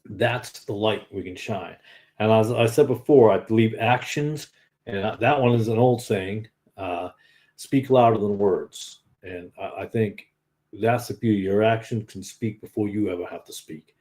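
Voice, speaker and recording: A man's voice: on the low side, measured pace, a little mellow. A man in his fifties with a Northern US accent, giving an informal, earnest sermon as a lay preacher. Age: 50s. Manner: earnest and conversational.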